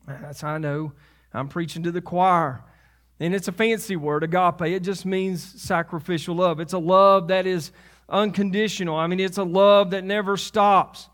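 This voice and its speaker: A man's voice: high-pitched, fairly even intonation, normal speed, a bit bright. A man preaching a sermon as pastor, conversational, with asides and laughs at himself.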